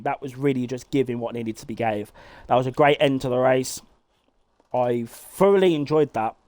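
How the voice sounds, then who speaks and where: A man giving live play-by-play commentary on a sim race, excitable and swearing freely as he calls the action. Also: mid-range voice, no room sound.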